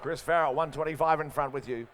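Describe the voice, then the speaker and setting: A man calling bids as an auctioneer at a live horse sale, chanting numbers in a rapid rhythm and coaxing bidders. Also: on the high side, steady tone, noisy background. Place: sale ring.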